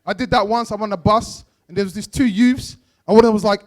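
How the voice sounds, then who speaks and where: Brief: male stand-up comic, very high voice, lively storyteller. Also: fast talker. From Bangladesh. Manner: animated storytelling, acts out characters, laughs often. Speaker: stand-up comedian. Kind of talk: stand-up comedy set. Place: event stage.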